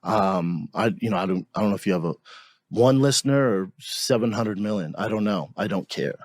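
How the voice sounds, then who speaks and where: A man talking as a podcast guest, joking with a deadpan delivery. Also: on the low side, a little fast. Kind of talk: casual podcast chat.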